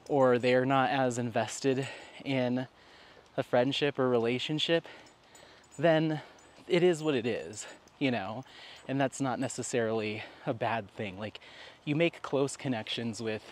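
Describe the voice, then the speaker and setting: A man's voice: medium pitch, slight background noise. A man chatting casually with viewers while walking his dog in a park, laughing often. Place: outdoors in a park.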